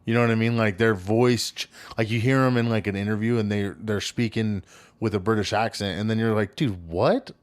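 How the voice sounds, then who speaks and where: A man's voice: fairly low pitch, little pitch movement, fairly quick, clean tone. A man hosting a podcast in casual conversation, easygoing, with short agreeing replies. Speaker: podcast host.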